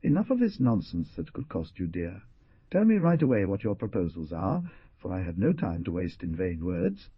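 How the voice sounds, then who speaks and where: A man voicing a resolute male frontier hunter who speaks firmly and loudly. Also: low voice, huge pitch swings, moderate pace, slightly rough, no echo, full character voice. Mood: impatient. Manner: firm, loud. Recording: dull dry lo-fi.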